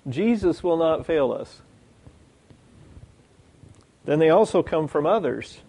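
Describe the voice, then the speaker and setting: A man preaching a sermon, reading scripture aloud and acting out the lines of the people in the story with lively energy. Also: a little high. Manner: animated, acts out quoted lines, reads scripture.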